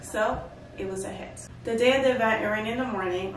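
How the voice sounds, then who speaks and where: An animated woman telling a chatty story to camera, her voice gravelly with a touch of fry. She sounds far from the mic in a very echoey room, with clear background noise behind her. She goes off on lively asides as she talks. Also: mid-range voice, brisk. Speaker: vlogger and fashion designer.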